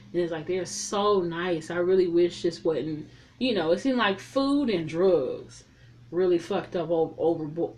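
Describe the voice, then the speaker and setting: A woman giving a casual, chatty spoken recap of a film. She retells the scenes in an animated way and swears freely. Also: lowish voice. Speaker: film reviewer.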